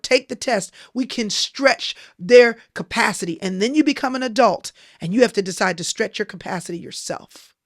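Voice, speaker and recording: A woman's voice: on the high side, no room sound, clean studio sound. A woman giving a motivational Christian sermon in an emphatic, repetitive preaching cadence. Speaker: Christian speaker.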